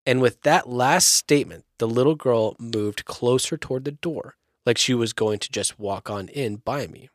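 A man's voice: medium pitch, moderate pace, few pauses, no room sound, studio quality. Man narrating a creepy story. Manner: storytelling narration with jokey asides. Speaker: podcast host. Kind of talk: reading a creepy story aloud.

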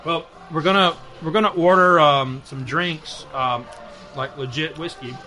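A man's voice: on the high side, unhurried, pushed and bright. A man hosting a food and drink podcast from a bar, talking in a loose, joking, rambling way. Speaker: podcast host. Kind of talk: casual chat.

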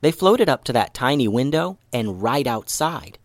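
Guy reading a kids story, lively up and down voice, dry close sound. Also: mid-range voice, moderate pace, no room sound. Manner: animated, expressive reading. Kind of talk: children's story narration.

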